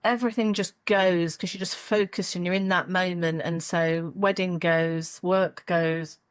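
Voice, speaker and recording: A woman's voice: on the low side, steady tone, a little slow, clear, resonant tone, dry recording. A woman, a podcast guest chatting casually and acting out the lines she quotes. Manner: chatty storyteller, acts out quotes, laughs often. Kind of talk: casual interview chat.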